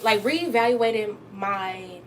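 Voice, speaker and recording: A young woman hosting a casual livestream from her kitchen while she cooks, chatting straight to her viewers and jumping up high to greet them. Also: slow pace, a bit bright, a little hiss or hum. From Texas. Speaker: livestream host. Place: home kitchen.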